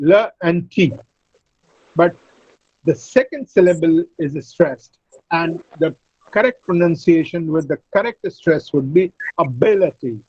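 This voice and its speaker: A man teaching English word stress in an online lecture, speaking deliberately and repeating each word to model it. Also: sits high, darkish tone, dry recording, lo-fi sound. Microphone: computer mic on a video call.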